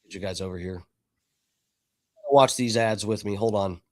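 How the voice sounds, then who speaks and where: Here the streamer's voice is fairly low and a little mellow, moving at a moderate pace. He chats casually with his viewers, cursing freely as he goes.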